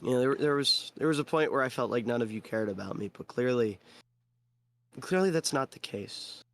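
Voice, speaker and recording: A man's voice: mid-range voice, expressive, moderate pace, close to an everyday voice. A man voicing a weary male hero who has become the god of hope, speaking in a stammering, heartfelt way.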